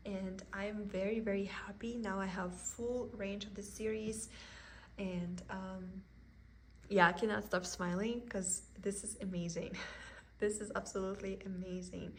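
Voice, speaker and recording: A woman with a thick Russian accent, a vlogger chatting excitedly about her cross stitch haul at home. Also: mid-range voice, a little hiss or hum. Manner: gushing, excited, with soft giggles. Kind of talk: casual haul video.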